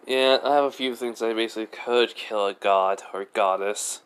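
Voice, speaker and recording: A man's voice: fairly low pitch, moderate pace, hardly any pauses, a bit bright, clear, resonant tone. Rambling man telling a fan story. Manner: rambling, fills with "basically", self-corrections. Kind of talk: improvised fan-fiction narration.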